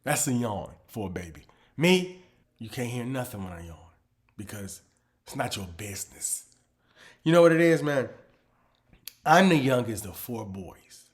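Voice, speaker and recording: Dude doing a slow comedy rant about pet peeves, goes quiet then blows up loud, mid-pitched voice. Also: male voice. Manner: animated ranting, swings from low mutters to loud outbursts. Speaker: comedian host. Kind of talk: comedic monologue.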